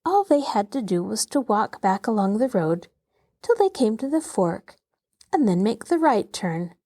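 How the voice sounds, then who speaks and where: A woman host reading a children's novel aloud in an expressive, dramatic way. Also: mid-range voice, a little slow. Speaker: host and storyteller.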